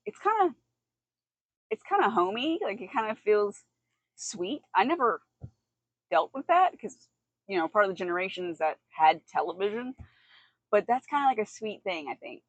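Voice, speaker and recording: A woman's voice: medium pitch, very animated, normal speed, no echo. A woman livestreaming from an outdoor hot tub, chatting casually with her audience and giggling often. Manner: chatty and giggly, reacting to chat. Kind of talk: casual chat with a live audience.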